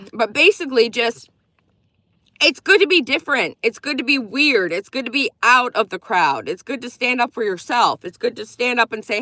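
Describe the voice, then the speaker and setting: A woman's voice: fairly high pitch, animated, moderate pace, no echo. A woman giving blunt, profane, opinionated commentary on a livestream, thanking viewers as she goes. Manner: reacts warmly to viewer gifts.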